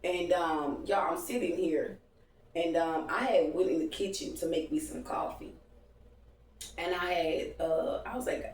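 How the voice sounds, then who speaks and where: A woman's voice: deep voice, fairly even intonation, normal speed, darkish tone, far from the mic. Rambling, profane woman in an echoey room. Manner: rambling, profane, addresses viewers as y'all. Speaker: vlogger. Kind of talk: casual late-night storytime. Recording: echoey room, voice a bit off-mic.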